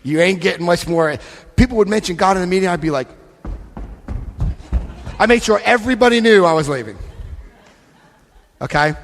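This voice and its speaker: In a large convention hall, a Florida man gives an emphatic, direct recovery talk, leading the audience through book pages and frequently checking in with "Okay?". His high, gravelly, slightly bright voice moves at normal speed with lively intonation and long pauses, under a long hall reverb.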